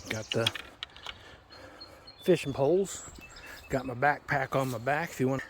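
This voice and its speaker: A man's voice: medium pitch, unhurried, a little hiss or hum. A man chatting casually on a fishing vlog, folksy and jokey, walking by a river with a handheld camera. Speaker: fishing vlogger. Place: outdoors by a river.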